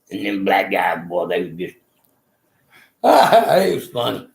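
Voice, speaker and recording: Man, middle-aged, heavy vocal fry, rough swearing storyteller, echoey room. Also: low-pitched, huge pitch swings, a little slow, long pauses. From Texas. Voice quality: gravelly. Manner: rough-spoken, swearing, folksy. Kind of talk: rambling personal storytelling.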